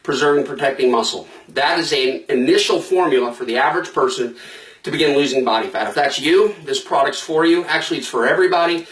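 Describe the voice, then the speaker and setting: A man hurries through an informal product pitch, out of breath and piling up repeated lists of benefits. His voice sits a little high. He sounds set back from the mic in an echoey room. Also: a bit bright, distant mic. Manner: rushed, repetitive listing. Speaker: product promoter.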